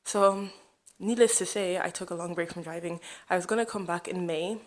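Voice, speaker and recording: Fast-talking young woman, chatty storyteller. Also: fairly low pitch, steady tone. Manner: chatty, rambling, heavy use of "like". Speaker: vlogger sharing a testimony. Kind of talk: casual storytelling to camera.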